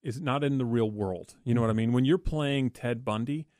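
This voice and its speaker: A man's voice: medium pitch, moderate pace, darkish tone, no echo, studio quality. A man guesting on a film podcast, opinionated and teasing in casual chat.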